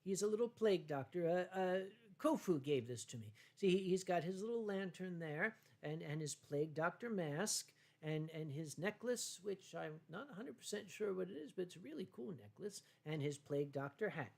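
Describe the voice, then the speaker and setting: A tipsy man hosting a casual livestream from home, rambling and halting through viewer comments with many fillers and restarts. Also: sits high, expressive, creaky, darkish tone. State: tipsy from wine. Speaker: livestream host.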